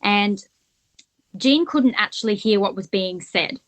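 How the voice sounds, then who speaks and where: A woman co-hosting a true-crime podcast in relaxed, casual conversation. She retells events at length and thinks aloud as she talks. Her voice sits at an ordinary middle pitch for a woman. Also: unhurried. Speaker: podcast co-host.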